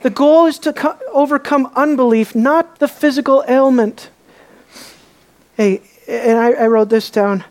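A woman preaching a sermon, emphatic and full of rhetorical questions, dropping to a hush on key words. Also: sits high, measured pace.

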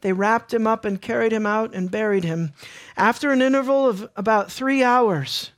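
A preacher delivering a sermon in an earnest, emotional way, repeating phrases and swinging between loud and hushed. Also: medium pitch, normal speed.

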